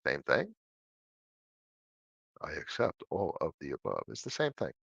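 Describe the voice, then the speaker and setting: A man's voice: a bass voice, a little slow, vocal fry, breathy edge, no echo, dull audio. A middle-aged man hosting a casual livestream Q&A at his home desk, chatty and answering viewers' questions. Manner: animated, chatty, answers questions by reading them aloud.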